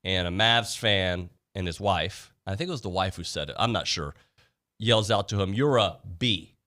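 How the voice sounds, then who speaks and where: A man co-hosting a sports radio show, chatting casually and with strong opinions. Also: normal speed. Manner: animated, opinionated, voices quotes in a high put-on tone.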